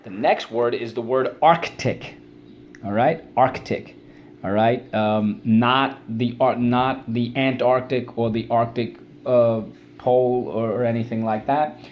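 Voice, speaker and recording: A man's voice: mid-range voice, steady tone, slow, darkish tone, slight background noise. A man teaching children a spelling lesson in an upbeat, coaxing call-and-response style.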